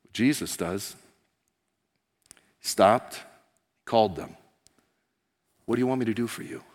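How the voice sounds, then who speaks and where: A man preaching a sermon as pastor, telling the story in an animated way and acting out the characters. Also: a little slow. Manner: animated storytelling, voicing characters with rising pitch and volume. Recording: long hall reverb.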